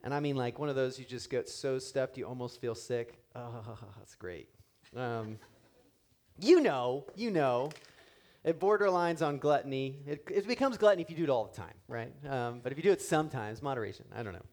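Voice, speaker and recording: A man in his thirties preaching a sermon, animated, voicing the people he quotes and swinging between loud and hushed delivery. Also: medium pitch, moderate pace. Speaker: pastor.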